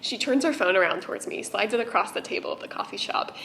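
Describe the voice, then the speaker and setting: A young woman telling a personal story to camera in an excitable, chatty vlog style, with lots of "like". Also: mid-range voice, fast, creaky, a little hiss or hum. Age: young adult. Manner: chatty, excitable, heavy use of "like". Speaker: vlogger.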